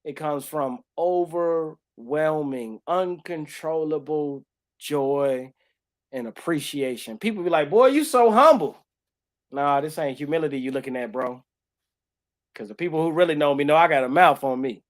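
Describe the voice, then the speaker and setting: A man tells his faith story on a podcast. He talks with raw passion, rising loud and then dropping soft, with tears and laughter breaking through. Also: on the high side, moderate pace. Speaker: podcast co-host. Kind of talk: emotional faith testimony in casual talk.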